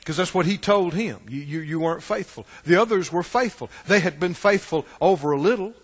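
A man preaching a sermon in church, asking the congregation questions and swinging between loud calls and hushed asides. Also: high voice, a little fast, breathy edge. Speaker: pastor. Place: church sanctuary. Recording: long reverb of a large hall.

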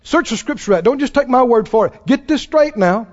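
A man's voice: very high-pitched, lively intonation, fairly quick, a little mellow. A man preaching a sermon in a folksy, emphatic way, acting out the people he quotes. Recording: dull sound with long hall reverb.

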